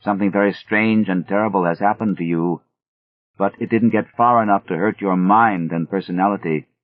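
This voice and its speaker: A man's voice: low voice, fairly quick, dry recording, close to an everyday voice. A man voicing a grave, bearded older villager who speaks steadily and bluntly. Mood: earnest. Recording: thin phone-like audio.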